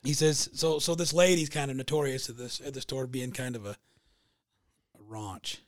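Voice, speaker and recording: A man's voice: mid-range voice, no room sound, clean studio sound. Easygoing man spinning a long yarn. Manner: relaxed, halting storyteller with many restarts. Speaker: podcast co-host. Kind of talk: casual storytelling chat.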